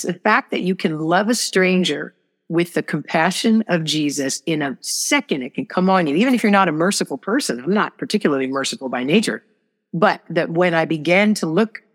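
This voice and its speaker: A woman's voice: deep voice, in a large hall. A woman speaking as a guest author in a faith conversation, earnest and emphatic in how she talks.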